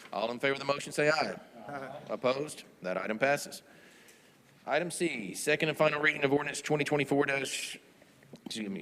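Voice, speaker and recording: A man's voice: medium pitch, a bit bright, big-room sound. A man chairing a town board meeting as mayor, rattling through motions and votes.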